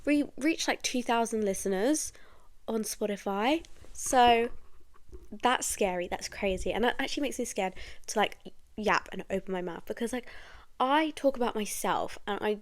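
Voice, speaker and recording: A woman's voice: fairly high pitch, moderate pace. A young British woman with a nasal voice and a slight American twang, chatting and rambling casually on her solo podcast. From Britain. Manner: rambling, chatty, full of fillers. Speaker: podcast host.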